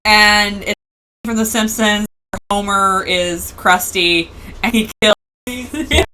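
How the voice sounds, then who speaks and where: A woman's voice: medium pitch, steady tone, slow pace, background noise. Bubbly rambling woman host. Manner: rambling, laughing, goes on tangents. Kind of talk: casual livestream chat.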